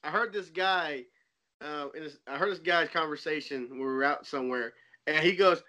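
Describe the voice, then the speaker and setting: A man, an animated storyteller who laughs easily in casual podcast chat. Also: fairly high pitch, normal speed. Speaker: co-host.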